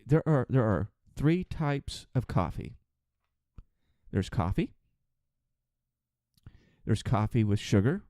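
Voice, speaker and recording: A man rants on a podcast about his flight attendant work, exasperated, sarcastic and swearing freely. His voice is mellow and dark, and it swings widely in pitch as he gets worked up. The recording is close and dry. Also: dry recording. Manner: acts out passengers in quick put-on voices. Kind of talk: ranting monologue.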